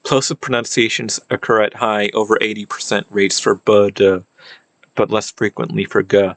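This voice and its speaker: Low-voiced man musing through a language lesson. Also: little pitch movement, normal speed, a bit bright, no room sound, rough recording. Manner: thinking aloud, many fillers and self-corrections. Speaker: video lecturer on historical linguistics. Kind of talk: casual unscripted explainer.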